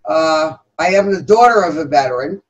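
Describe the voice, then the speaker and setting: A middle-aged woman from New York City with a New York accent, giving earnest, halting interview answers about the veterans' chamber she co-founded, with many pauses and fillers. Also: low-pitched, expressive, highs cut off.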